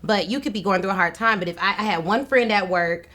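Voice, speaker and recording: A woman in her thirties speaks as a podcast guest, recounting her working past with energy. She laughs often and talks in a relaxed, conversational way. Her voice sits at an ordinary middle pitch. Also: fast. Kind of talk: casual interview conversation.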